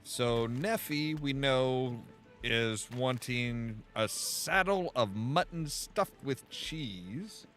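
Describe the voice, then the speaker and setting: Lively-pitched man narrating his gameplay. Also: drawn-out words. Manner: chatty, thinks aloud, trails off and restarts. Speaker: gameplay streamer. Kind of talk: casual let's-play commentary. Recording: faint game music behind.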